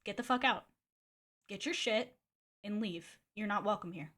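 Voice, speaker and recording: A woman quoting an angry young man who orders her to leave, in a lower, quieter, curt voice. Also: moderate pace, lightly acted.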